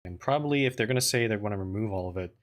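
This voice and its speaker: A man with a lowish voice speaks in a casual call meeting. He stops and restarts, repeating words while he works out what to say. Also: rapid-fire.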